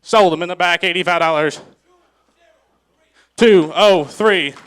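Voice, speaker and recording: A young man, an auctioneering student, rolling through bids in a fast auction chant at a sale in an auction hall. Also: high-pitched, fairly bright tone, smooth.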